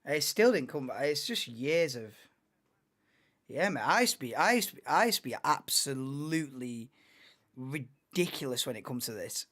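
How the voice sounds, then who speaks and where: A man in his late twenties, hosting a live race watchalong in an excitable, rambling, chatty way. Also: mid-range voice, normal speed. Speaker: livestream host.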